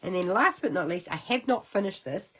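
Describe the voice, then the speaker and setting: Chatty New Zealand woman, low voice. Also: lively intonation, a little fast, fairly bright tone, breathy edge. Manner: chatty, rambling, cheerful with sudden high exclamations. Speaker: card-making livestream host. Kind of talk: casual craft livestream chat.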